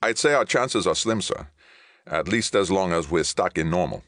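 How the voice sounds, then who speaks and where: A tense, clipped starship captain barks orders in a storybook reading, voiced by a man. His voice rides noticeably higher than the narrator's own deep tone and pushes louder. It is a dry, close reading. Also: expressive, moderate pace, no room sound. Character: tense male starship captain under fire.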